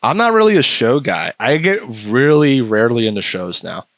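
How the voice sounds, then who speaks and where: Podcast host, male, sarcastic ranter, medium pitch, dry recording. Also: huge pitch swings, normal speed, fairly bright tone, no room sound. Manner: ranting, sarcastic, mocks voices in a high pitch. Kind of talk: casual podcast chat.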